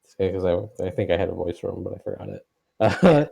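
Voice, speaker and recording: A man running a tabletop game as game master, describing scenes in a relaxed, hesitant way. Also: low voice, fast, creaky, slightly rough. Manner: relaxed, hesitant, many fillers.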